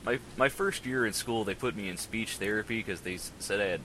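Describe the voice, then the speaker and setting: A man's voice: on the low side, brisk, bright, forceful tone, slight background noise, rough recording. A man hosting a casual podcast on a headset mic, rambling and joking at his own expense. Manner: rambling, self-mocking, laughs often. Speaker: podcast host.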